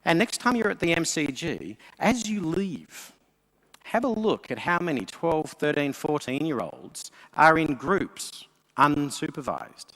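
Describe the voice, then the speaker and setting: A man giving a lively conference talk from a stage, telling stories and speaking to the audience. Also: a little high, a little slow. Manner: lively storyteller, voices characters in jokes. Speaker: keynote speaker. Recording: long hall reverb.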